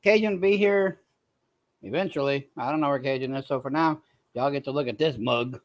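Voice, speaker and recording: A man's voice: medium pitch, brisk. A man hosting a casual livestream chat, greeting viewers by name, tired and in pain. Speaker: livestream host.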